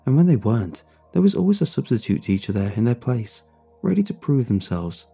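A man narrating a first-person story in a measured, somber way. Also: mid-range voice, sing-song, gravelly, dark tone, slightly rough, faint music behind.

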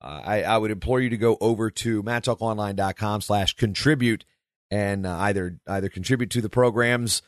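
A man with a raspy voice hosting a wrestling podcast in casual, rambling chat full of filler words. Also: lowish voice, normal speed, no room sound, clean studio sound. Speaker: podcast host.

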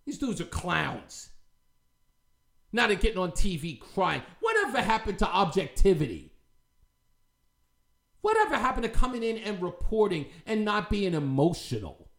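A man hosts a commentary show and rants with heat and scorn. His voice sits high and swings widely in pitch. It has a bright, sharp edge. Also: very animated, normal speed, creaky, long pauses. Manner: heated, confrontational, scornful. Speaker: talk show host. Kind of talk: ranting commentary.

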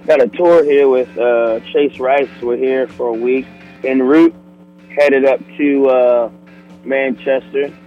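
A man, a touring musician, chatting casually on the phone with radio hosts in a relaxed, slangy way, laughing easily. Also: medium pitch, slow pace, muffled recording, soft background music.

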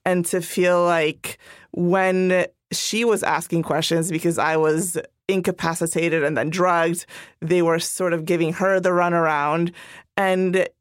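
A woman podcast guest telling a personal story in an earnest, measured way. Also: on the low side, little pitch movement, clean tone, no room sound, studio quality.

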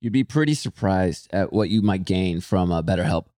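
A young man co-hosting a podcast, telling a story in casual chat, animated and swearing, acting out people who shout. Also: sits low, moderate pace, no echo, studio quality. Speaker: podcast co-host.

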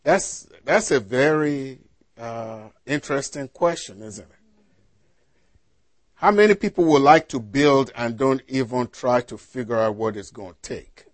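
A pastor reads scripture and quizzes his congregation, asking rhetorical questions in a slow, deliberate delivery. His mid-range voice sounds animated, and the recording has no echo.

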